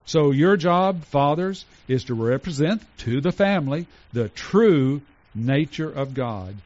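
A man's voice: fairly high pitch, animated, no echo. Earnest preaching man, dull lo-fi recording. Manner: earnest, slows to stress lists, drops soft for tender points. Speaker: pastor. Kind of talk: sermon.

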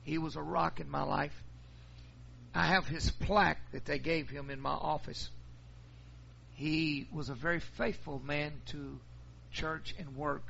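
Gravelly pastor, folksy sermon. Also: male voice, a little high, fairly even intonation, measured pace, long pauses, pushed and bright, highs cut off, a little hiss or hum. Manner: folksy storytelling.

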